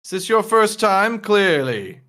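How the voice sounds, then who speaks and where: A prim, overly courteous doorman, played by a game master putting on the voice. He pitches his voice higher than his own and louder, and draws his words out slowly, as if savoring each one. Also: big pitch swings, exaggerated voice. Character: fussy, overly polite male doorman.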